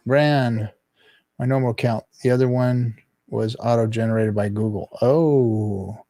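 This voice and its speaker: Casting: male stream host, mid pitch, halting rambly delivery, dry close sound. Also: fairly even intonation, warm tone, no room sound. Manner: rambling, halting, many restarts. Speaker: podcast host. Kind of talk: casual live-stream chat.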